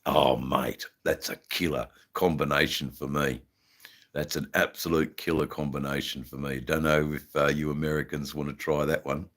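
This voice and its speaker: A man's voice: a bass voice, level tone, normal speed, a bit bright. An Australian man hosting a casual live stream, rambling with lots of fillers and slang while smoking. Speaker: livestream host.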